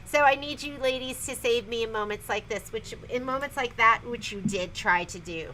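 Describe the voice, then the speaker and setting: Giggly high-voiced woman chatting on a livestream. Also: moderate pace, sharp tone, a little hiss or hum, poor audio. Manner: giggly, self-deprecating. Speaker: store co-host. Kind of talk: casual livestream chat. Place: sewing shop.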